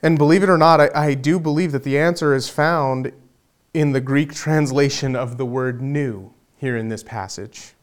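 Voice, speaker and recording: A man's voice: medium pitch, moderate pace. A man preaching a sermon as pastor, earnest, often repeating words as he builds to emphatic points.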